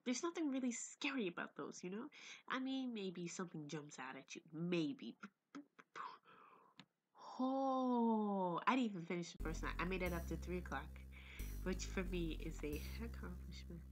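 A woman's voice: fairly low pitch, expressive, moderate pace. A young woman playing a horror game on her phone, talking through her fear, pleading and often dropping to a whisper. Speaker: gamer. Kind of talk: horror game reaction commentary. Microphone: phone or laptop mic.

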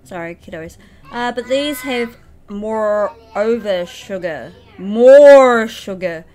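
A young New Zealand woman livestreams a game, reading its dialogue aloud in a playful voice and giggling often as she chats with viewers. Her voice is medium-pitched and lively, and she speaks slowly.

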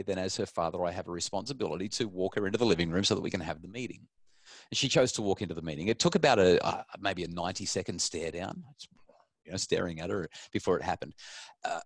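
A man's voice: sits low, no echo, studio quality. A man speaking as a parenting expert on a video call, earnest and explanatory, telling stories about his own family. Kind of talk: webinar talk on a video call. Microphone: video call microphone.

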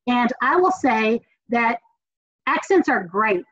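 Upbeat Southern woman teaching, slightly high voice. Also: takes it slowly, dry recording. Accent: Southern American. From Southern United States. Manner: energetic, encouraging, emphatic repetition. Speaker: communications professor. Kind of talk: classroom lecture. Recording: dull, dry lo-fi recording.

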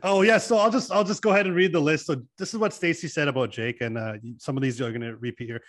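A man from Canada hosting a podcast, chatty and quick to laugh in casual conversation. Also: fairly high pitch. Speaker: podcast host. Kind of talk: casual chat.

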